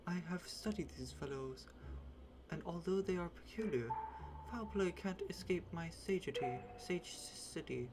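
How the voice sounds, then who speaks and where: A woman's voice: lowish voice, animated, moderate pace. A woman putting on a pompous old general. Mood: haughty. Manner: formal, stumbling over big words. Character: pompous older male general, scholarly. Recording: clear game music behind.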